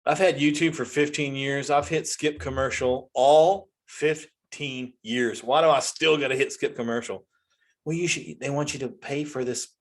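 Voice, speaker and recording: Forties male comedy host, mid-pitched, animated exasperated rant full of restarts. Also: normal speed. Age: 40s.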